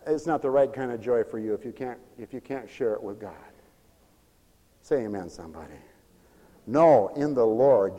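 A male preacher giving a sermon, moving from quiet asides to fervent, drawn-out shouted proclamations. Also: medium pitch. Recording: long reverb of a large hall.

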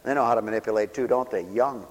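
A man preaching a lively sermon who swings from loud cries to quiet mumbles, acting out scenes and laughing often. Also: lowish voice, fast, in a large hall. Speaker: pastor.

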